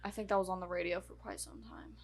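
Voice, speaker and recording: A woman's voice: on the low side, fairly even intonation, fast talker, creaky. A woman co-hosting a casual podcast, reading notes aloud and tripping over names and dates. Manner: stumbles and restarts while reading names and dates. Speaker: podcast co-host.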